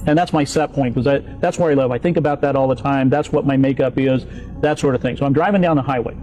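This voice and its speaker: Mellow-voiced man explaining calmly. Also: medium pitch, fast, faint music behind, rough recording. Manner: calm, methodical, explains with everyday examples. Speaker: motivational speaker in an old clip. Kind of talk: explanatory talk.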